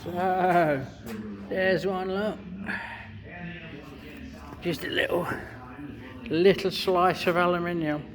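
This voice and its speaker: A man's voice: high voice, steady tone, takes it slowly, long pauses, a crowd in the background. A man in his fifties, a custom motorcycle builder, giving rambling workshop build commentary and swearing freely as he works.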